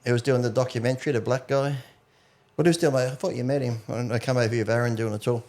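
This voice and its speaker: A man talks at a quick clip in a casual podcast chat. He swears freely and acts out what other people said as he tells his stories. His voice sits at a middle pitch. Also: steady tone, darkish tone. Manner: swears freely, acts out quotes while storytelling. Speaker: podcast guest.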